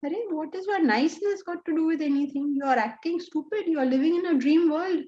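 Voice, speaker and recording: A high-pitched woman with an Indian accent lectures her students on Vedanta. She talks in an animated, scolding way and fires off rhetorical questions. The recording sounds dull and lo-fi. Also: fast. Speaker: Vedanta teacher.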